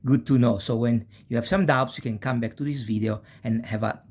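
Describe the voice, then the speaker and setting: A man with an Italian accent teaching a language lesson, slowly spelling out syllables and checking in with "eh?". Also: mid-range voice. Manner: slow, spells out syllables, tags with "eh?".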